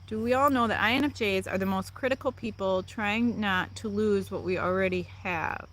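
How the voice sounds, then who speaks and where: A woman's voice: mid-range voice, normal speed, a bit bright. A woman from the Midwest with a Midwestern accent, chatting casually on a livestream, answering viewer comments and laughing often. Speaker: livestream host. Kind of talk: casual live chat with viewers.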